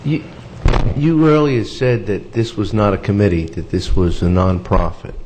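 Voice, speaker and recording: A man's voice: on the low side, expressive, moderate pace, background noise. A man, a county commissioner, questioning a speaker at a public meeting. He presses his point with repeated restarts. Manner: pressing, repetitive, stammering restarts.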